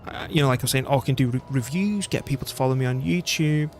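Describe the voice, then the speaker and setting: British male streamer, middle-aged, chatty and self-deprecating, mid-pitched, faint music underneath. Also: fast, darkish tone. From Britain. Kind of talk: casual gameplay commentary.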